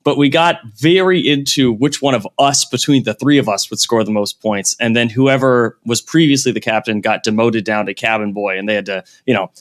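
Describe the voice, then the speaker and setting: A man's voice: mid-range voice, fairly quick, hardly any pauses. A man speaking as a guest on a podcast in easygoing, casual conversation. He laughs often and makes fun of himself. His voice is in the middle range. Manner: relaxed, laughs easily, a bit self-deprecating. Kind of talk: casual chat.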